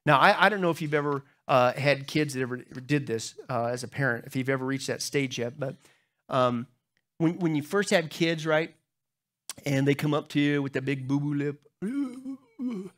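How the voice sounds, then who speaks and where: A middle-aged man preaching a sermon as pastor, telling funny stories to the congregation and jumping into high voices when he acts out other people. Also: normal speed. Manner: humorous storytelling, talks to the crowd; animated, jumps into high squeaky voices when acting out others.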